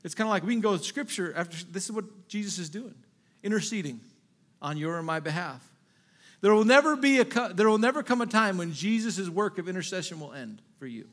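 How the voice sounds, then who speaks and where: A man with a high-pitched voice preaching an impassioned sermon. He swings from loud rhetorical questions to soft, hushed asides, repeating phrases and restarting sentences as he goes. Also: expressive, brisk. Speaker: pastor.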